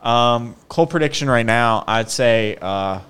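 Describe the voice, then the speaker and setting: A young man co-hosts an easygoing podcast, pausing on ums and uhs and laughing often. His voice sits at an ordinary pitch for a man. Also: a bit bright, smooth. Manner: laid-back, hesitant, laughs a lot. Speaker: podcast co-host. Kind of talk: casual chat.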